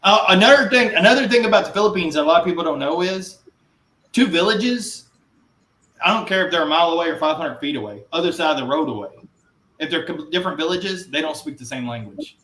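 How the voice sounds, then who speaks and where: A man tells blunt, rambling stories in casual chat, his voice echoing in a roomy space. His pitch sits slightly high for a man. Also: lively intonation, fast talker, bright, forceful tone. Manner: rambling anecdotal storyteller, blunt. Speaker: podcast guest. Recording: roomy echo.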